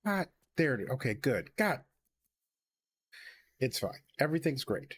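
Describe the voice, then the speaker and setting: This is a laid-back man co-hosting a game stream, chatting casually and muttering half to himself as he plays. His voice sits at an ordinary middle pitch. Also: big pitch swings, a little slow, pauses often, husky. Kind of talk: casual chat while playing.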